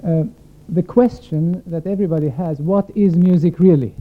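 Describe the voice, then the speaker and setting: A man's voice: high voice, moderate pace. A man who is a concert violinist, speaking to the audience before a piece in a reflective, explaining way and asking them questions. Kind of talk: spoken introduction at a concert. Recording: thin phone-like sound.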